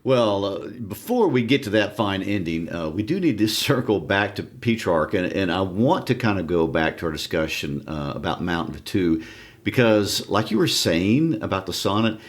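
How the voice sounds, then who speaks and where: A man's voice: low voice, very animated, normal speed. A man co-hosting a podcast in casual chat, with dry, joking replies. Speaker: podcast co-host.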